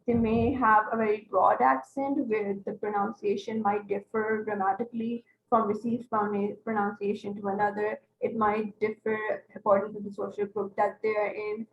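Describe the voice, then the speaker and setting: A woman's voice: medium pitch, flat delivery, moderate pace, hardly any pauses. A woman teaching an online class, explaining step by step and checking in with her students. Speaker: English tutor. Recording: roomy, dull lo-fi online class audio.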